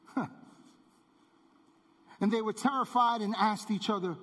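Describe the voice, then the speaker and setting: A man preaching a sermon as pastor, emphatic and repetitive, dropping low on key words. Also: measured pace, fairly bright tone. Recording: long hall reverb.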